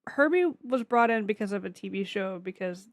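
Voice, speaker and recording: A woman's voice: mid-range voice, lively intonation, brisk, dry recording. A young woman co-hosting a casual comics podcast, talking with many fillers and sharing lore. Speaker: podcast co-host. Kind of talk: casual chat about comics.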